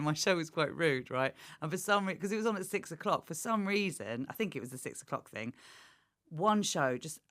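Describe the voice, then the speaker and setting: A woman in her forties with a fairly low voice tells stories from her comedy career as a podcast guest. She is lively, laughs often and acts out other people's lines as she goes. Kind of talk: casual podcast chat.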